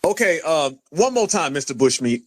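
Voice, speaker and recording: A man hosting a heated call-in stream, mocking and insulting a caller in a loud, taunting way. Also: on the high side, very animated, moderate pace. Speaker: livestream host.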